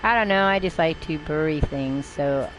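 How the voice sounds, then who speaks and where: An older woman streams a game with game music in the background, her low voice at a moderate pace over a little hiss or hum. She rambles through live commentary, chatting to herself and her viewers, and swears now and then.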